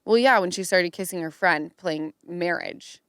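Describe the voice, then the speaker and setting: A woman hosting a podcast, telling a story in casual chat and acting out quotes in a higher voice. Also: moderate pace, a bit bright, smooth, no room sound, clean studio sound. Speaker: podcast host.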